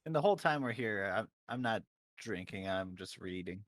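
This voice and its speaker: A man's voice: on the low side, lively intonation, moderate pace, no room sound. Easygoing man player, dry and close. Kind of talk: casual tabletop chat.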